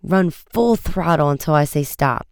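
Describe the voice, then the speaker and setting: A man's voice: on the high side, animated, a little slow, vocal fry, smooth, no room sound, studio quality. A man voicing a firm, commanding teenage boy detective in a storybook reading. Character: quick-witted teenage boy detective Frank.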